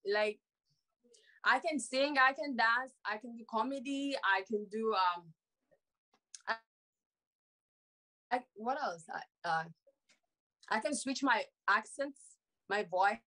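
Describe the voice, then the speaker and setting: A woman's voice: on the high side, slow pace, long pauses, pushed and bright, poor audio. A young woman from Sierra Leone answering audition interview questions hesitantly, with many fillers. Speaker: reality show applicant.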